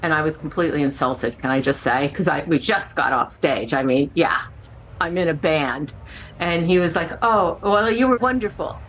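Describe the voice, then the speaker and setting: A woman on a podcast telling a wry anecdote with quick asides. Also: sits low, a little hiss or hum. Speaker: interviewed guest telling a story. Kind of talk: casual anecdote.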